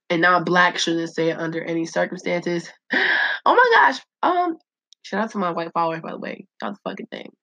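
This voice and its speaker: A woman hosting a casual solo podcast, reading out listener answers in a blunt, profane, animated way and laughing often. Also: on the low side, dry recording. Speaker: podcast host. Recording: dull lo-fi voice recording.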